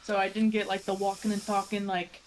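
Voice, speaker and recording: A woman's voice: mid-range voice, monotone, fairly quick, a little hiss or hum, poor audio. A woman with a New Jersey accent, chatting casually and laughing a lot with friends before a tabletop game. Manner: laughs a lot, playful and loud. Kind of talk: casual chat between game sessions.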